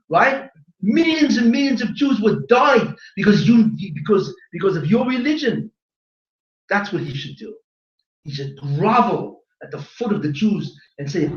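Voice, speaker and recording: A rabbi giving an impassioned religious lecture, firing off rhetorical questions with emphatic force. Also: male voice, high-pitched. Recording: echoey hall, distant dull mic.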